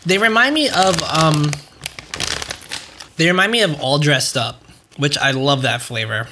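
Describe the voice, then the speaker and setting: A man's voice: fairly high pitch, unhurried, noisy background. A young man hosting a podcast, chatting casually and rambling with plenty of swearing. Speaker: podcast host. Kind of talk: casual chat.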